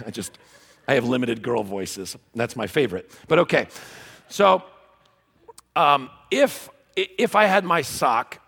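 Gravelly, playful man speaking in a hall. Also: on the high side. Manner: animated storyteller, playful and self-mocking. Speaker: conference speaker. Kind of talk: humorous teaching talk to a live audience. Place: large conference hall. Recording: long hall reverb.

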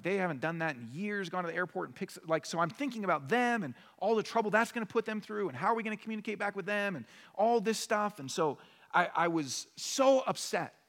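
A male pastor preaching a sermon with animated delivery, acting out the voices in his stories. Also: high voice. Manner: animated, acts out quoted voices in a story. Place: church sanctuary. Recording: long church hall reverb.

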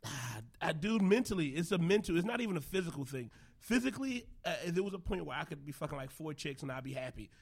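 Comedian guest, young male, quick and gravelly, blunt and profane. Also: on the high side, sing-song. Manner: blunt, profane, laughing storyteller. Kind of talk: casual chat.

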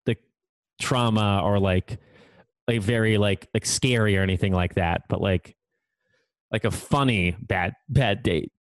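A man's voice: lowish voice, measured pace, no room sound. A man hosting a casual group chat, rambling with many fillers and teasing his guests.

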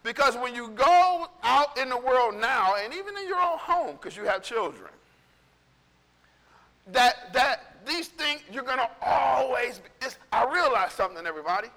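A male pastor preaching in a casual storytelling way, animated and conversational, acting out what people said. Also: extremely high pitch, moderate pace, long reverb tail. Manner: animated, conversational, acts out quotes. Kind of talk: storytelling sermon.

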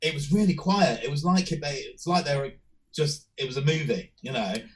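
Croaky guy rambling casually on a podcast, restarts a lot. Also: on the high side, lively intonation, a little fast, rough recording. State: croaky voice from a cold. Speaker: podcast co-host.

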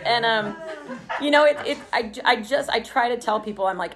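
A woman's voice: fairly high pitch, steady tone, normal speed, a bit bright. Chatty, profane woman from Texas. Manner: profane, chatty, laughs often. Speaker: recovering alcoholic sharing her story. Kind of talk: casual personal storytelling.

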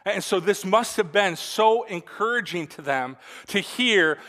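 A young man delivers an earnest, conversational sermon, often pausing to check in with his listeners. His voice sits high and sounds bright and forceful. It rings out in a reverberant church hall. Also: animated. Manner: earnest, conversational preaching with frequent "all right?" asides. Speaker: pastor.

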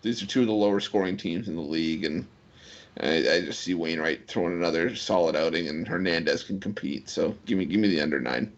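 Lowish voiced guy talking bets, kinda dull muffled audio. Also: fairly quick. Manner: argumentative, defends his picks. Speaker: co-host. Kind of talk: casual sports betting chat. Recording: dull lo-fi sound.

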